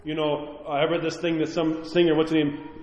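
A man's voice: on the high side, level tone, normal speed, a little mellow, echoey room, in a large hall, lo-fi sound. A middle-aged man preaching a sermon as a priest, impassioned and pleading, acting out the voices he quotes.

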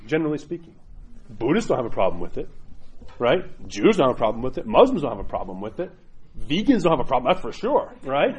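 Fast-talking husky priest. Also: male voice, a little high. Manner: chatty, animated, acts out quotes. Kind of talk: casual catechism class talk.

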